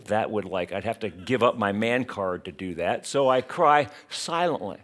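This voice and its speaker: A man's voice: medium pitch, fairly bright tone. A middle-aged man preaching a sermon, emphatic and dramatic, full of rhetorical questions. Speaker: pastor.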